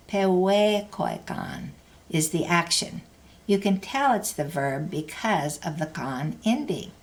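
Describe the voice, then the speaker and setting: A woman teaching a language lesson, explaining grammar carefully in a scripted narration. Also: fairly low pitch.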